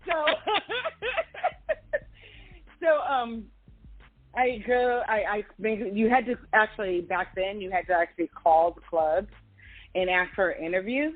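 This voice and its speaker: Guest, woman in her 40s, Valley girl sound, lively raconteur, tinny phone-line audio. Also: medium pitch, moderate pace. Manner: animated, laughing storyteller with a Valley girl way of talking. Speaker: podcast guest. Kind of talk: storytelling in a casual interview.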